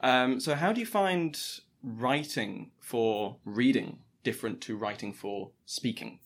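A man hosting a podcast interview, asking relaxed questions and giving brief agreeing replies. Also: medium pitch, measured pace. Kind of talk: casual interview conversation. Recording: faint background noise.

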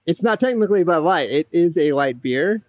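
A man's voice: fairly high pitch, animated, brisk, no echo. A man in a casual group chat who jokes around and asks playful, curious questions.

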